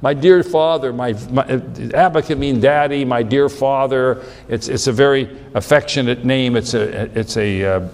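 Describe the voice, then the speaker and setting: A man's voice: medium pitch, normal speed, few pauses, darkish tone. A man preaching a sermon in an emphatic, repetitive way, acting out the lines he quotes. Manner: emphatic, repeats words, acts out quoted lines. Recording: long hall reverb.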